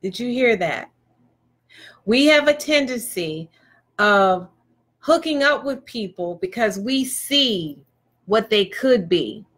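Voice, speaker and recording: A woman's voice: a little high, expressive, slow pace, fairly bright tone. A woman giving a motivational talk, emphatic and preachy, pressing her points with rhetorical questions. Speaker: motivational speaker.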